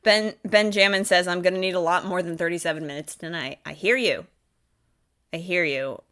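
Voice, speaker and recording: A woman's voice: fairly low pitch, fairly even intonation, sharp tone. A woman co-hosting a podcast, chatting casually and playfully during a live watch-along. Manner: playful, teasing, quick to laugh. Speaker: podcast co-host.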